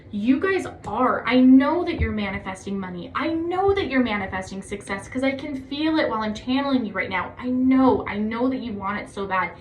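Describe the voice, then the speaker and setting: A woman giving a casual tarot reading to her viewers, chatty and encouraging, often gushing with excitement. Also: on the high side, slight background noise. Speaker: tarot reader. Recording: echoey room.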